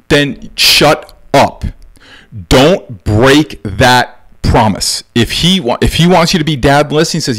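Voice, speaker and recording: A man's voice: a little high, animated, a little slow, fairly bright tone. A man coaching baseball dads, giving blunt, emphatic parenting advice and repeating key points. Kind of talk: direct-to-camera parenting advice.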